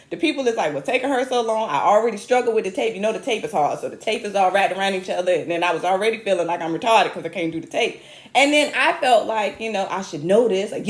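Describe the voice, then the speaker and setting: A young woman comedian tells a rambling, self-mocking story, her voice jumping into high squeals for punchlines. Her voice sits at a middle pitch. The room around her rings with a noticeable echo. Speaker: comedian host. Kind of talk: comic storytelling monologue. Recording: roomy echo.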